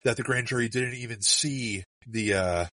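A man in casual political chat who pauses often while searching for words. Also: medium pitch, pushed and bright, far from the mic. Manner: easygoing, hesitant, searching for words. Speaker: podcast co-host.

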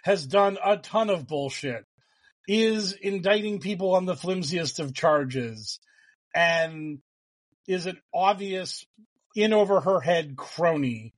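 A man's voice: sits high, slow pace. A man in casual political chat, sarcastic and mocking, swearing freely as a podcast co-host.

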